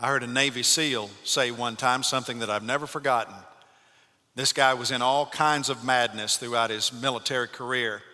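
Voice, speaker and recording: A male pastor giving a Sunday morning sermon, swinging between loud calls and hushed, calm speech. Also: mid-range voice, moderate pace, big-room sound. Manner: dynamic preaching, shifts from loud to hushed.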